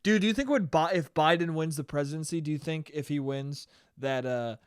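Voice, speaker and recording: A man's voice: a little high, a little fast, clean tone, no echo, clean studio sound. A young man hosting a solo podcast, rambling and joking with lots of swearing. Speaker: podcast host. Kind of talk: solo casual podcast rant.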